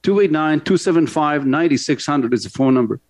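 A man's voice: fairly high pitch, lively intonation, fairly quick, darkish tone. A man hosting a radio talk show, making points emphatically, drawing words out and repeating himself. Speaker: show host.

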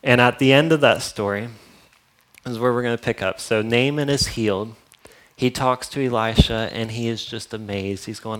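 A man's voice: mid-range voice, fairly even intonation, normal speed, fairly bright tone. A man preaching a sermon, retelling a Bible story in a casual, conversational way with asides to his congregation. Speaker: pastor.

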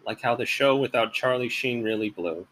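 In a poor-quality recording with slight background noise, a man with a natural, mid-range, fairly bright voice speaks at a moderate pace. He plays a blustering older male politician reading aloud a crude, mocking love letter.

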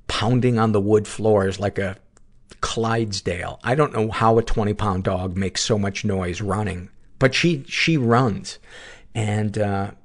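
A man with a low, gravelly voice hosts a casual podcast. He reacts to listener surveys in a warm, reflective, earnest way. His tone has a slightly husky edge. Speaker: podcast host.

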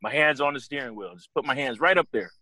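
A young man co-hosting a casual podcast, telling a story in an animated, profane way and acting out the other people's voices. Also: medium pitch, fast, no room sound.

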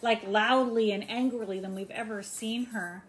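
A young woman co-hosting a casual recap chat, talking fast and acting out the quotes she retells. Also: on the high side, steady tone, slight background noise. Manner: chatty, acts out quotes with emphasis. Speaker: podcast co-host.

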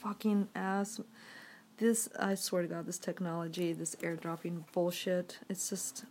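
A woman's voice: fairly low pitch, level tone, a little slow, darkish tone, a little hiss or hum. A woman vlogging to her audience on a phone, rambling with many fillers and frequent swearing. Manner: frustrated, swearing, filler-heavy. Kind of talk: casual rambling to camera.

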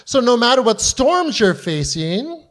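High-voiced man preaching a sermon. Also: sing-song, measured pace, a bit bright. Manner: earnest, acts out quoted voices with rising intensity.

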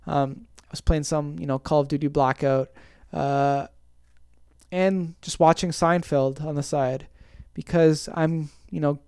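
A man's voice: a little high, clean tone, no room sound. Rambling, self-mocking male podcaster. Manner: rambling, self-deprecating, heavy on fillers. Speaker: podcast host. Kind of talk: casual solo podcast chat.

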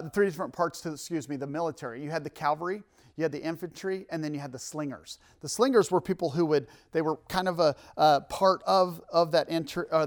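Male preacher, sermon delivery, fairly high voice, builds to loud emphatic peaks, casual asides. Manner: casual asides and self-corrections. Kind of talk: sermon with scripture reading.

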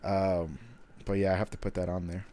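A young man chatting casually about favorite songs, profane and quick to laugh. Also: low-pitched. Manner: profane, laughs often, lively storytelling. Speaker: co-host. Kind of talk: casual chat.

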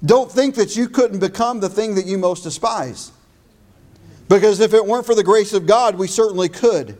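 A man with a high voice preaches a sermon. His delivery is emphatic, and he slows and stresses his key phrases. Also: a little mellow. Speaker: pastor.

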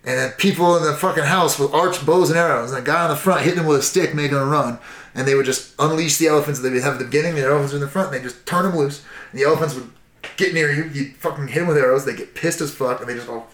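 A man's voice: fairly high pitch, fast. A man casually retelling history, swearing freely and acting out the people in it. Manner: profane, animated, acts out shouts and quotes. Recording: roomy echo.

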